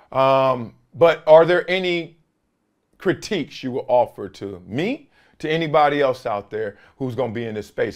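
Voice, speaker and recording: Animated, emphatic slangy male host. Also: medium pitch. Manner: emphatic, slangy, laughs often. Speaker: show host. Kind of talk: animated solo commentary.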